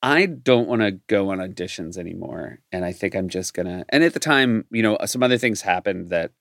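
Middle-aged male guest, low voice, rambling self-deprecating chatter, dry sound. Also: animated, a little fast, gravelly, fairly bright tone, dry recording. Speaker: guest, comedy writer. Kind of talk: casual interview chat.

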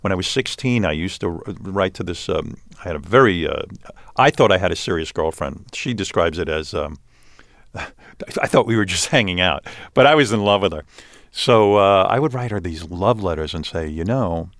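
Here a New York–accented radio host in his sixties speaks in a deep voice at a moderate pace, in clean studio sound without any room noise. Guesting in a casual interview, he spins lively stories and keeps starting over mid-thought.

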